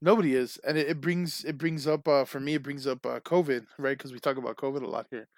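A man co-hosting a casual chat, telling stories in a loose, animated way with plenty of swearing and laughter. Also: medium pitch, fast, dry recording.

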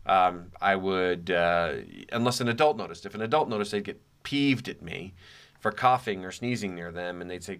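Low, clear and resonant, with a fairly bright tone, this middle-aged man's voice moves at a normal pace. Hosting his podcast as a casual monologue, he reminisces reflectively and conversationally, slipping in wry remarks.

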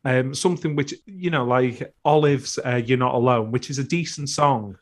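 A man's voice: mid-range voice, moderate pace. A man co-hosting a music podcast, chatting casually in a dry, opinionated, sweary way. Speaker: podcast co-host.

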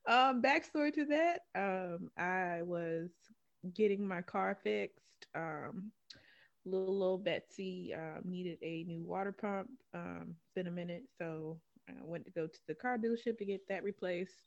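A woman's voice: lowish voice, unhurried, gravelly, muffled recording. A woman co-hosting a podcast, telling a profane story in casual chat and laughing often. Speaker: podcast co-host.

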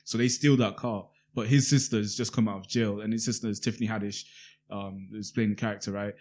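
Young guy, brisk and lively, lots of slang, recounts at length. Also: on the low side. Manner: animated storytelling with heavy slang. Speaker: podcast co-host. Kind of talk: casual chat.

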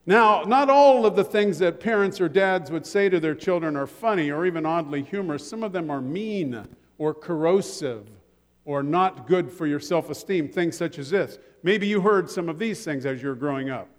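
A man's voice: fairly high pitch, expressive, normal speed. An older man preaching a sermon as pastor, telling humorous stories and joking with his congregation. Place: church sanctuary. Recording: long church reverb.

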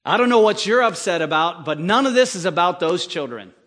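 A woman's voice: on the low side, lively intonation, fairly quick, long reverb tail. A man quoting a blunt, exasperated wife. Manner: blunt, matter-of-fact. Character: exasperated wife setting her husband straight.

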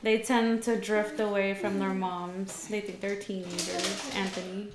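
A young woman guest in casual chat, telling stories softly and trailing off with "whatever.". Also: medium pitch, little pitch movement, measured pace, roomy sound, a crowd in the background. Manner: soft-spoken storyteller, trails off with "whatever". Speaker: podcast guest.

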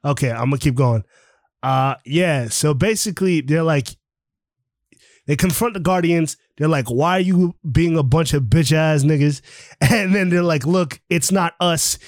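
A man hosting a podcast over an online call, casually retelling a comic book plot in an animated way, swearing freely and acting out the characters' lines. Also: a little high, unhurried, dry recording, clean studio sound. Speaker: podcast host.

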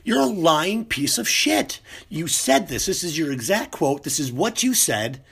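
A man acting out a furious reporter who snaps and shouts profanities at a liar. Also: on the high side, very animated, a little slow, vocal fry, husky, pitched above the performer's own voice, full character voice. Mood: enraged.

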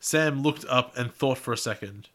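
A man's voice: mid-range voice, moderate pace, bright, forceful tone. A man co-hosting a podcast, reading a story aloud and breaking off to tease his co-host, laughing mid-sentence.

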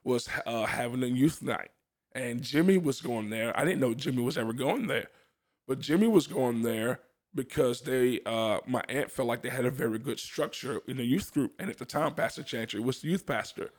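A man's voice: medium pitch, normal speed. Young guy telling his story, laughs a lot, plain middle voice. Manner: earnest storytelling, laughs often, restarts. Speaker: guest sharing testimony. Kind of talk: casual testimony chat.

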